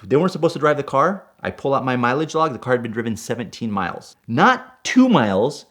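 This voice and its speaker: A man in his forties telling a personal story in an animated way. He builds up heat as he goes and keeps checking in with "right?". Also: mid-range voice, quick pace. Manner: gets fired up and loud while retelling; punctuates with "right?". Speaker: guest storyteller.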